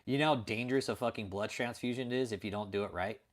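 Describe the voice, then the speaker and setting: A man's voice: medium pitch, fast talker. A man hosting a late-night livestream, ranting profanely and answering viewers in chat. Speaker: livestream host.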